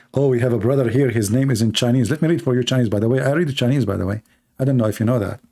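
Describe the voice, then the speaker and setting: A man's voice: mid-range voice, darkish tone. Sarcastic man. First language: Arabic. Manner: sarcastic, joking, drawn-out mock voices. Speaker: debate streamer. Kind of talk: mocking live-stream commentary.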